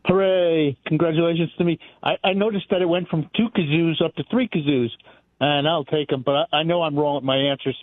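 Male radio caller, stumbling and restarting, higher pitch, narrow phone-line sound. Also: steady tone, no echo. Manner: halting, tongue-tied, many restarts. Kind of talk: casual call-in chat.

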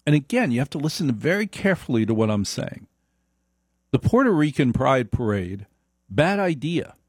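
A man's voice: mid-range voice, big pitch swings, moderate pace, breathy edge, no echo. Emphatic man telling a story, dry sound. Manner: emphatic, repeats points for stress. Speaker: speaker. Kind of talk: opinionated storytelling monologue.

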